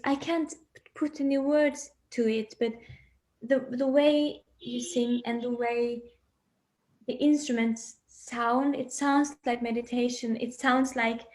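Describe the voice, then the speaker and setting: A woman's voice: high voice, a little mellow. A woman speaking as an interview guest from home on a video call, dreamy and searching for words, laughing often.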